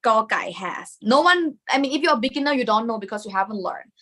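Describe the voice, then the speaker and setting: A woman's voice: fairly high pitch, lively intonation, very fast, pushed and bright. A woman with a Thai accent teaching a live lesson, explaining step by step in non-native English, checking in with her learners and adding Thai polite particles.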